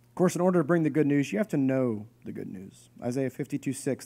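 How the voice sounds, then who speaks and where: A pastor in his thirties or forties preaching a sermon to his church, conversational and animated, with joking asides. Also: medium pitch, fast, vocal fry. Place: church hall with congregation.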